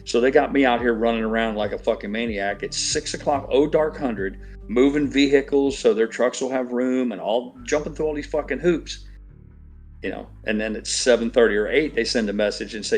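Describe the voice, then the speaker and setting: A man's voice: fairly low pitch, a little fast, soft background music. A middle-aged man in a casual chat, telling an aggrieved, profane story in a ranting way. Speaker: stream regular.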